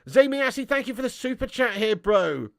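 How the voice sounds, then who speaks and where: Guy on a live stream ranting at the chat, swears a lot, higher voice, dry close sound. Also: sing-song, normal speed, gravelly, a bit bright, no echo.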